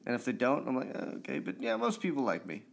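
A man's voice: mid-range voice, huge pitch swings, fast, gravelly, crowd noise. A man co-hosting a podcast, bantering in a crude, joking way and calling his co-host dude.

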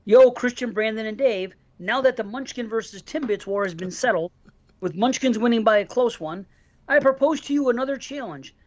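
A man's voice: very high-pitched, moderate pace, dull audio. A man hosting a casual podcast, reading listener mail aloud and chatting with his co-hosts. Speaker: podcast host.

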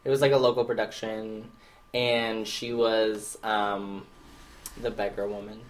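A man co-hosting a podcast, chatting casually with deadpan sarcastic jokes. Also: lowish voice, measured pace, slight background noise. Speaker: podcast co-host. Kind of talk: casual chat.

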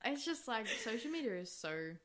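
Chatty young woman, high voice. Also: very animated, normal speed, over a noisy crowd. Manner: chatty, swears freely, laughs often. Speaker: podcast host. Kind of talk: casual chat.

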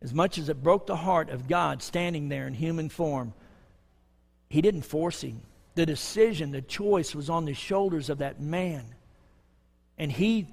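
Impassioned pastor preaching in a reverberant church. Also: male voice, high-pitched. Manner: impassioned, pleading, with dramatic pauses. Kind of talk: sermon. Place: church sanctuary.

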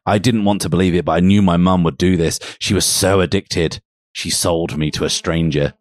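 Low-voiced man reading fan fiction aloud. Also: fairly even intonation, moderate pace, a little mellow. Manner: mock-serious storytelling, breaks into laughter. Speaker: podcast co-host.

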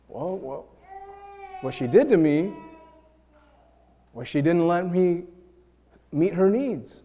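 A man's voice: high voice, lively intonation, slow, long pauses, mellow, slight background noise. A man in his thirties preaching a sermon in an earnest way, building to emotional peaks. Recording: long hall reverb.

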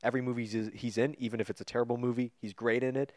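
Brief: male podcast co-host, medium pitch, dry close mic, loose enthusiastic movie talk with casual swearing. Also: little pitch movement, racing, a little mellow, no room sound. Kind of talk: casual movie review chat.

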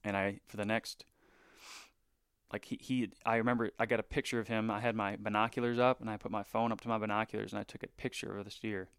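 A man recounting a bowhunt in a casual podcast chat, animated and full of fillers, sometimes dropping into hushed asides. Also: on the low side, fast, smooth, no room sound, clean studio sound. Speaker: bowhunter guest.

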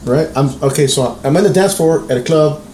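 A man's voice: a little high, a little fast, slight background noise. Guy telling a wild story on a podcast, acting out voices, lots of swearing, roomy echo. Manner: animated, profane, acts out quotes. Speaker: podcast co-host. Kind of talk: casual storytelling chat.

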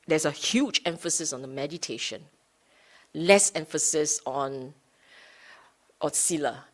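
A woman teaching Buddhist Dhamma to a study group, unhurried, rephrasing her points and often checking in with her listeners. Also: lowish voice. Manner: rephrases and repeats points for emphasis.

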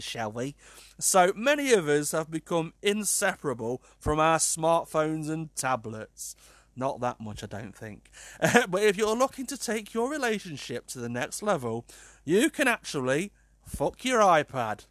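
A man hosting a casual podcast monologue, animated and sweary, laughing at his own jokes. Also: fairly high pitch, a little slow, no echo, studio quality. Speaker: podcast host.

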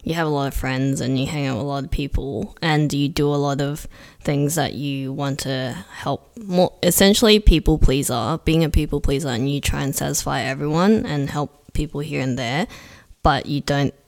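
A woman co-hosting a podcast, chatty and quick to laugh, her sentences drifting as she talks. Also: low voice. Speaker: podcast co-host. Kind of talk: casual podcast chat.

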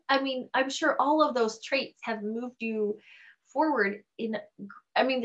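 A woman's voice: fairly high pitch, a bit bright, lo-fi sound. A woman host interviewing a guest, affirming and reflective. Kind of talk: interview conversation.

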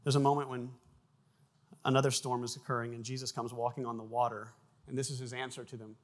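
Animated male pastor preaching. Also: mid-range voice, quick pace. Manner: animated storytelling, repeats words, sound effects in anecdotes. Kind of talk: sermon.

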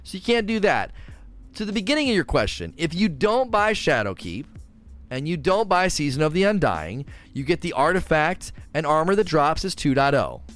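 A young male game streamer talks into a desk mic in an animated, ranting way, with his voice bouncing high and wide. Faint music runs behind him. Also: normal speed. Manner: animated ranting, laughs often. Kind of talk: live stream commentary.

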